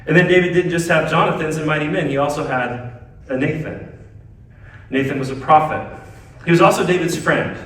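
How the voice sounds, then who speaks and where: A man preaching a sermon as pastor, swinging between loud emphatic lines and hushed ones. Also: on the high side, brisk. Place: church sanctuary. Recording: very echoey church hall, mic at a distance.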